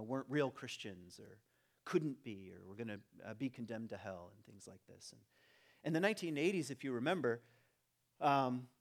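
A middle-aged man from the United States, a church teacher telling a candid, self-deprecating personal story to a congregation, with many restarts and fillers. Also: medium pitch.

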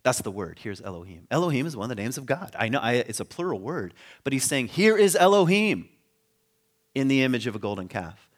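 A man's voice: medium pitch, lively intonation, fast talker, few pauses. A man giving an informal teaching talk on biblical history, conversational, with frequent laughs and rhetorical questions to the listeners. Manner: conversational, laughs often, trails off and restarts.

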